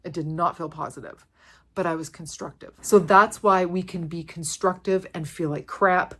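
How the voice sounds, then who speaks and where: Woman fitness coach, slightly low-pitched, emotional, heartfelt motivational vlog, repeats key lines. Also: fairly even intonation, normal speed. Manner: earnest, repeats key phrases for emphasis. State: emotional, close to tears. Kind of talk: heartfelt motivational talk to camera.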